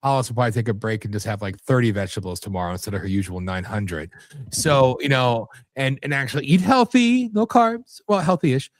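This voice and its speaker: A man with an American accent hosts a live internet radio show, rambling and cursing through casual, self-deprecating late-night chat. His mid-range voice is expressive and brisk, and the recording sounds dry.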